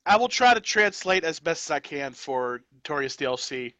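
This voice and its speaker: A man playing in a tabletop game, joking in a deadpan way. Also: on the high side, moderate pace. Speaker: player. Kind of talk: tabletop role-play chat.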